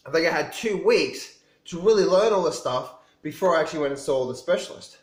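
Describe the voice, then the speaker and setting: A man's voice: fairly high pitch, animated, a little fast. Rambling man in an echoey room. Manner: rambling, with frequent restarts and repeats. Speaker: vlogger telling his own story. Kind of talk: casual personal storytelling to camera.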